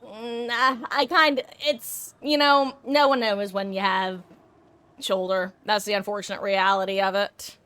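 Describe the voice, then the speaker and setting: A woman streaming live, talking loosely and candidly about her game between moments of play. Her voice is bright and forward, set at a middling pitch. She wanders from thought to thought and drops casual swears along the way. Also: fairly even intonation, unhurried, smooth. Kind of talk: casual chat while gaming.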